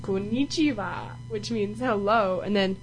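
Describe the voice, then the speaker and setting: A teenage girl co-hosting a casual radio show, playful and animated as she banters with friends. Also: mid-range voice, fast talker, a little hiss or hum, low-quality recording. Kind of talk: casual chat.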